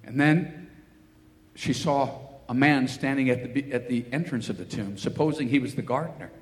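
A man's voice: mid-range voice, normal speed. A man preaching a sermon, telling Bible stories and acting out the voices of the people in them. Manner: storytelling, acting out voices in quotes. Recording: long hall reverb, faint ambient noise.

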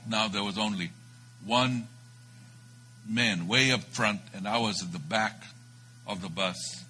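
A man preaching a sermon, telling a story with dramatic swings between loud bursts and hushed moments. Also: fairly low pitch, slight background noise, low-quality recording.

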